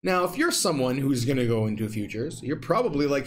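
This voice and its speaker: A man's voice: mid-range voice, very animated, brisk. A man hosting a casual livestream, chatting loosely with many fillers and reading out viewer comments. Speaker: crypto livestream host.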